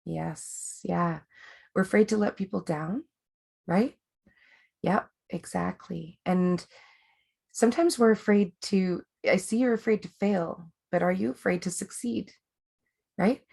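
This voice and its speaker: Woman coach rambling thru a webinar, lots of um and you know, gravelly fry in her voice. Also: on the low side, a little slow, long pauses, a little mellow. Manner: chatty, rambling, with many fillers and restarts, laughs easily. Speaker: life coach hosting a webinar. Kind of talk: casual coaching talk.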